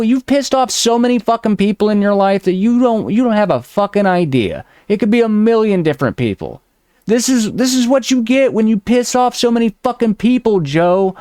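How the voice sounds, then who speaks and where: Smooth-voiced man ranting mockingly. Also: sits high, a little mellow, dry recording, clean studio sound. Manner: mocking, ranting, heavy swearing. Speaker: host reacting to clips. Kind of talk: profane reaction commentary.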